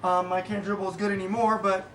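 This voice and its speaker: A man giving a casual motivational monologue as a podcast host, rambling and halting with many fillers. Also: high-pitched, flat delivery, a bit bright. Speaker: podcast host and small business owner. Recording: echoey room, distant mic, faint noise.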